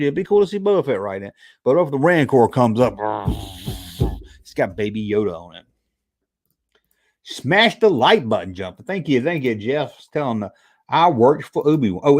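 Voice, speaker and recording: A man hosting a casual livestream, reading chat and joking around, yawning now and then. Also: mid-range voice. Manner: chatty, joking, animated retellings. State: sleepy, yawning. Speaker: YouTube host reading live chat.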